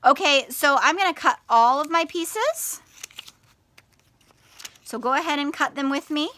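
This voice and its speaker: A woman teaching young children in a video lesson, speaking slowly and clearly and stretching out words syllable by syllable. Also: high-pitched, expressive, sharp tone.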